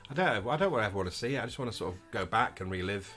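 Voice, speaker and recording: A man's voice: on the low side, expressive, rapid-fire, a bit bright, husky, soft background music. A man co-hosting a casual chat, talking with enthusiasm about favourite old episodes. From England. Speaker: co-host.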